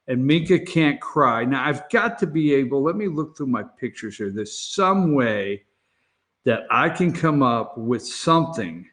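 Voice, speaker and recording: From an office studio, a man hosts an opinionated morning talk show facing a camera, his medium-pitched voice a bit bright. He is blunt and sarcastic, chuckling between self-mocking asides to the camera.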